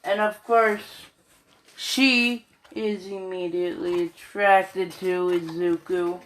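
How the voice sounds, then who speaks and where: A woman's voice: lowish voice, steady tone, takes it slowly. A tired woman rambling casually in slang and swearing as she retells a fan story late at night.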